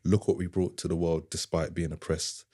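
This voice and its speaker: A middle-aged man talks as a podcast guest, his voice sitting very low. He tells a personal story with earnest, heartfelt feeling and acts out the things people said to him. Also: flat delivery, normal speed, dark tone, no echo, clean studio sound. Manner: earnest, heartfelt, often retells dialogue.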